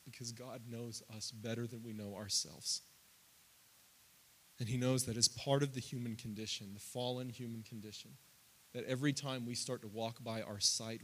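A man in his thirties preaching a sermon, climbing loud and high through lists and quoted prayers, then dropping low and quiet. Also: slight background noise. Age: 30s. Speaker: pastor.

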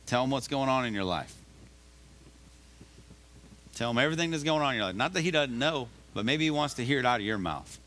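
A man's voice: mid-range voice, a bit bright, a little hiss or hum. A male pastor preaching a sermon in a conversational style, often rising to emphatic calls to the congregation. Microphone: live recording of a church service.

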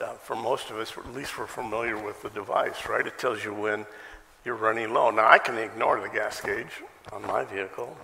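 A man's voice: lowish voice, gravelly, sharp tone, long reverb tail, a little hiss or hum. A male pastor preaching a sermon in a conversational way, asking many questions and adding self-deprecating asides. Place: church sanctuary.

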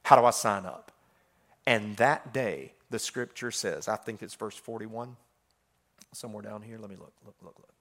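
A man, talking through scripture in an emphatic, folksy, excitable way. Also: on the low side, normal speed, vocal fry. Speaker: preacher. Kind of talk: animated scripture talk.

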